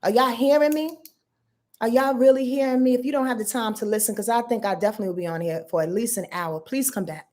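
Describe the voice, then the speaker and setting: A woman talks fast in a darkish, higher-pitched voice while giving a casual live astrology rundown on her channel. She addresses viewers bluntly, profanely and emphatically, responding to their comments along the way.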